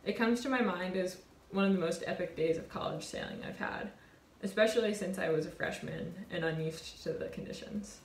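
A woman in her twenties, a college sailor, telling a reflective personal story in an earnest, warm way. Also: on the low side, fairly quick, gravelly, few pauses, reverberant, slight background noise. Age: 20s. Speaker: college sailor and award winner.

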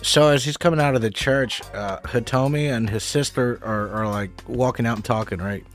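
A man's voice: mid-range voice, moderate pace, soft background music. A man casually recapping a TV episode, rambling and swearing, with lots of fillers and restarts. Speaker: show recap host.

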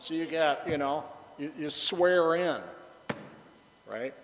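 Joking pastor in a reverberant hall. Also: male voice, a little high, slow pace, fairly bright tone. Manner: chatty and joking, banters with the congregation. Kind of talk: conversational sermon.

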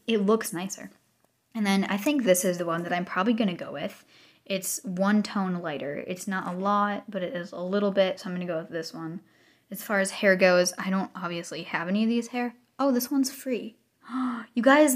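A woman giving excited gameplay commentary as a video creator, gushing with repeated exclamations and sometimes dropping to a whisper. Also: medium pitch.

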